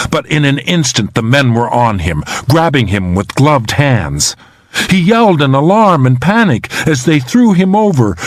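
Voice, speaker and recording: A male narrator reading a thriller aloud with a dramatic, tense delivery. He takes his time, and his pitch swings widely from line to line. The sound is close and dry. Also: no echo. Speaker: audiobook narrator. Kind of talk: scripted narration.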